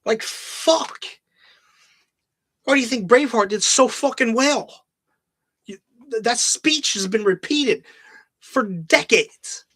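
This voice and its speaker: A man's voice: extremely high pitch, lively intonation, a little slow, pushed and bright, no room sound. Heated, profane man ranting. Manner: profane, heated, mocks lines in a put-on voice. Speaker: podcast host. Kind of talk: casual ranting commentary.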